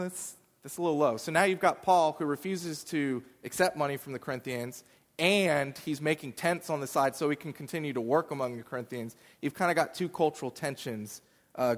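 A man's voice: fairly high pitch, in a large hall. A man giving a sermon, explaining scripture in a conversational way with fillers. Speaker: pastor. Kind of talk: sermon teaching.

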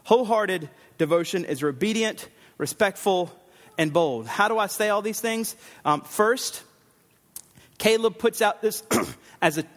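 A man preaching a sermon as pastor, animated, acting out the lines of the people in his text. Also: high voice, measured pace, long reverb tail. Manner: animated, acts out Bible figures' lines.

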